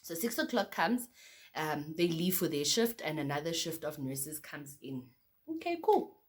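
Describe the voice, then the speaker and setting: A young South African woman with a slightly low voice recounts her own story straight to her viewers. She keeps it loose and conversational, calling them "guys" and marking each new beat with a quick "okay, cool.". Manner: chatty, addresses viewers as guys, repeats "okay, cool" between beats. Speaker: vlogger. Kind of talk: casual storytelling to camera.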